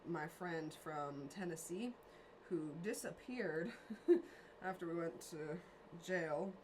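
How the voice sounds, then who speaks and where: A woman's voice: fairly low pitch, slow, slight background noise. A woman talking casually on a podcast, rambling and self-deprecating, often breaking into laughter as a tarot reader. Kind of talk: casual chat. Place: lives in a trailer park.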